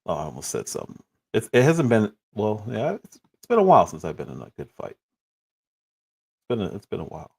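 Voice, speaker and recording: A man from Chicago hosting a livestream, telling a story in a casual, animated way, laughing and acting out the lines he quotes. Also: fairly low pitch, fairly quick, gravelly, pauses often, slightly rough. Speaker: livestream host.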